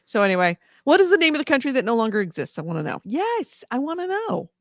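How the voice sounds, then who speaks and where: A man's voice: high-pitched, very animated, racing, a bit bright, no echo, clean studio sound. A man from California co-hosting a casual gaming news podcast, rambling with many fillers and restarts. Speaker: podcast co-host.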